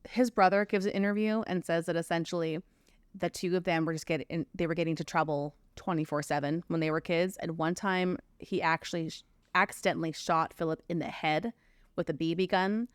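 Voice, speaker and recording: A Canadian woman co-hosting a true crime podcast, talking fast with her words run together. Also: lowish voice, steady tone, smooth, dry recording. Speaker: podcast co-host.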